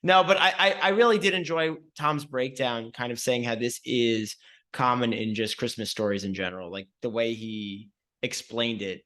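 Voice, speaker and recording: A man's voice: medium pitch, fairly even intonation, normal speed, fairly bright tone. A man co-hosting a movie podcast, chatting casually and laughing often. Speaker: podcast co-host. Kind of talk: casual chat.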